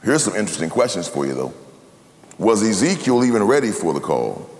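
A man preaching a sermon, his cadence sweeping from loud, high emphasis down to low, hushed tones. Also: sing-song, brisk. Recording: long hall reverb.

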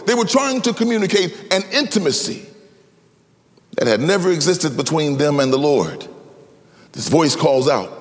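A man preaching a sermon dramatically, slowing for emphasis and rising into sing-song phrases. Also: sing-song, big-room sound. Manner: dramatic, swinging between slow low emphasis and high, sing-song rises.

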